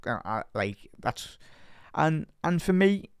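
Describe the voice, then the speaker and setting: A man's voice: a little high, sing-song, slow, clear, resonant tone, no room sound, studio quality. A young man from Liverpool with a Scouse accent, talking passionately and a bit rambling in a casual reaction video as a fan channel presenter. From Liverpool, England.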